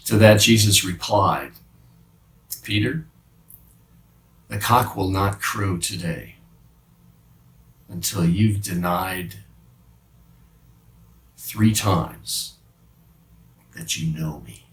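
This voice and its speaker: A man playing the apostle Peter as a remorseful fisherman, confessing haltingly in a dramatic monologue with many restarts. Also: sits low, fairly bright tone, heavily acted. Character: remorseful male fisherman apostle, middle-aged, haunted by guilt. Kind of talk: dramatic first-person monologue. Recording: roomy sound from a distant mic.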